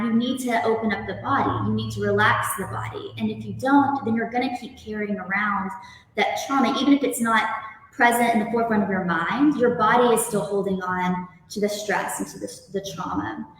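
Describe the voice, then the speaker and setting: Calm woman yoga teacher in an echoey room. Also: medium pitch, normal speed, recorded from a distance, a little hiss or hum. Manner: calm, gentle guiding. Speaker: yoga instructor. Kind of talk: guest interview then guided yoga instruction.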